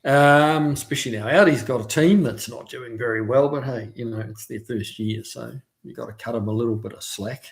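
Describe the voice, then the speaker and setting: A man chats casually through a home livestream. His voice sits at an ordinary middle pitch. He rambles in a friendly way, filling the gaps with ums and uhs. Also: brisk, vocal fry, hardly any pauses. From New Zealand. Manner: chatty, friendly, lots of fillers. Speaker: livestream host. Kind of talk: casual live chat reading viewer comments.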